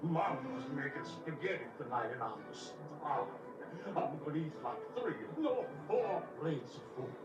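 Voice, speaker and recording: Heard from across an echoey room over loud music, a rambling guard with a lively, bouncing voice chatters about his evening plans. The game sound comes through speakers and is picked up from a distance. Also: fairly high pitch, unhurried. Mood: chatty. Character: chatty male guard, easygoing and hungry. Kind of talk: video game cutscene acting.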